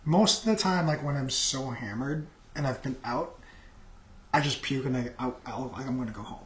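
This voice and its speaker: A man's voice: mid-range voice, moderate pace, fairly bright tone, roomy sound, slight background noise, poor audio. A man in casual podcast chat, hesitant and self-deprecating. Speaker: guest.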